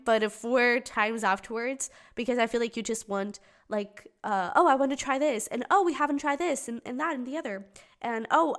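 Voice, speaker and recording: Woman reading tarot to camera, fairly high voice, chatty, giggly, lots of ums and likes. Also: a bit bright. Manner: chatty, many fillers, giggly. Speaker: tarot reader.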